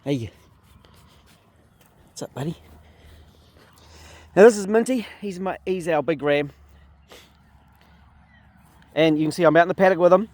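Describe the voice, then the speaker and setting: A man's voice: high voice, moderate pace, pauses often, a little mellow, no room sound. A New Zealand man who farms sheep, chatting casually outdoors in a paddock, explaining things and talking to his animals. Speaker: sheep farmer and video host. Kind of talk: casual outdoor farm vlog.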